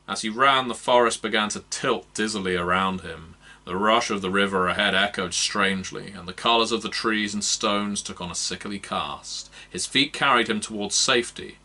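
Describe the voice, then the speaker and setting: A man narrating a fantasy novel aloud in a measured, expressive reading. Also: sits low. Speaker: audiobook narrator. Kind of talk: scripted narration.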